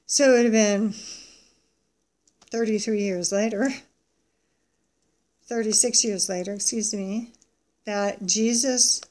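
A woman reading a Bible passage aloud and adding her own commentary. She slows down and stresses the quoted lines, and corrects herself in her asides. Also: mid-range voice, fairly even intonation, darkish tone. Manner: slow, emphatic reading of quoted speech; pauses to self-correct in asides. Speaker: Bible teacher.

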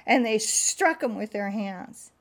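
A woman's voice: mid-range voice, lively intonation, slow pace, a bit bright. A woman preacher who prays with earnest, fervent repetition and then reads scripture aloud with dramatic emphasis. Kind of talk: prayerful sermon and scripture reading.

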